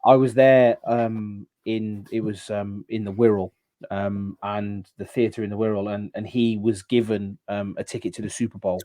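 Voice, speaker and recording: A man guest on a podcast, telling stories in casual chat and pausing with many ums. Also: on the low side, little pitch movement, dark tone. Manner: rambling storyteller, halting with many ums.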